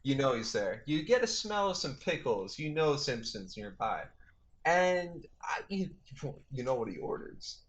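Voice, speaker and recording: A man hosting a comedy podcast, spinning a rambling, mock-earnest tall tale with a deadpan delivery. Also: mid-range voice, unhurried, a little hiss or hum. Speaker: podcast host. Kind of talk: comedic storytelling.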